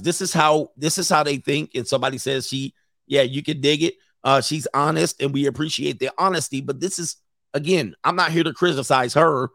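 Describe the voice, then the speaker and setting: A brash man with a fairly high voice riffs over a clip he is reacting to, slipping into sing-song mock voices. The sound is close and dry, with no room around it. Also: fairly bright tone, no room sound. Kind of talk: animated reaction commentary.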